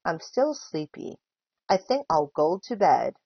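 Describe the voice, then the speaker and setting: A woman voicing a sleepy, clumsy little girl with high, bouncy exclamations while reading a storybook aloud. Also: sing-song, a little slow, breathy edge, dry recording, highs cut off, heavily acted. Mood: soft.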